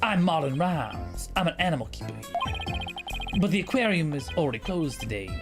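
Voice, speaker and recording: A woman's voice: sits low, sing-song, normal speed. A woman voicing a young male animal keeper who raps, reading his lines playfully over game music. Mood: upbeat. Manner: playful, trying out voices. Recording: game music playing behind.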